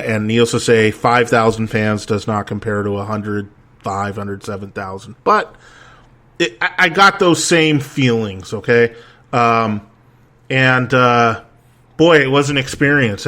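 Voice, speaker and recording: A man's voice: mid-range voice, pushed and bright. A man hosting a casual chat, telling stories in a rambling, profane way with many restarts and fillers. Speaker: podcast host.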